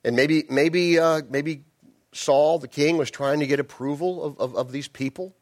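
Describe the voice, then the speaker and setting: A man's voice: a little high, fairly even intonation, moderate pace, darkish tone. A male pastor preaching in a conversational way, with frequent restarts and asides to the congregation. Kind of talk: sermon.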